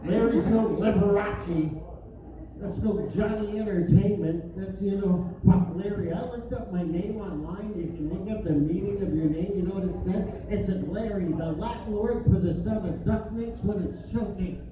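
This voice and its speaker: A man's voice: sits high, highs cut off. Stand-up comic, man in his fifties, brash and profane, recorded distant in a roomy bar. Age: 50s. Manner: brash, profane, rapid asides to the crowd. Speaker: stand-up comedian. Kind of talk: stand-up comedy set. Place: bar stage. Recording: roomy bar sound from far off, noisy.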